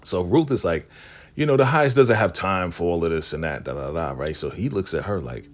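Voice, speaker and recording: A man's voice: sits low, animated, brisk. A man casually recapping a TV episode, telling the story with street slang and acting out the characters. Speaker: TV recap vlogger.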